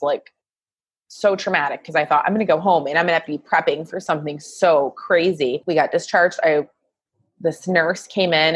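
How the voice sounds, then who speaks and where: Low husky-voiced woman sharing her story, lots of "like", dry close sound. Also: dry recording. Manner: tearful at times, chatty with many fillers. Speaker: guest. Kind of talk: emotional personal storytelling.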